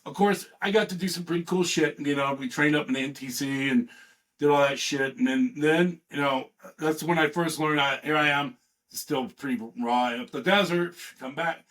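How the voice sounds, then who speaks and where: Man in his fifties, fairly high voice, a veteran guest who swears freely and tells stories in loose, animated bursts. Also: normal speed. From California. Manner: profane, rambling and animated, with restarts. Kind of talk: casual storytelling.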